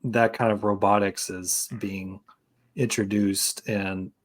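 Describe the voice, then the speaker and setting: A man's voice: fairly low pitch, flat delivery, slow. A man hosting a podcast in casual chat, talking in a rambling, hesitant way with lots of fillers. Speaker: podcast host.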